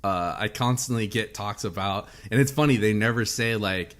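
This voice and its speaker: Male podcast host, casual chatty banter, quick to tease and laugh. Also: on the low side, fairly bright tone. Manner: teasing, laughs often. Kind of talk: casual chat.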